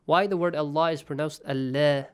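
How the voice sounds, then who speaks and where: A man's voice: fairly high pitch, fairly even intonation, moderate pace, clear, resonant tone. A man teaching tajweed rules in an online Quran lesson, patiently quizzing his students.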